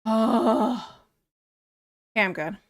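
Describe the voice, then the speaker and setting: A woman's voice: on the high side, slow. A woman streamer chatting casually and reading viewer comments aloud, ranting in an exasperated way and laughing often.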